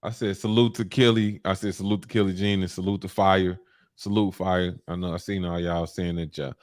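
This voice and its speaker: A man hosting a casual interview, halting and repeating words as he shouts out viewers and asks questions. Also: low voice, little pitch movement, no echo, clean studio sound. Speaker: host.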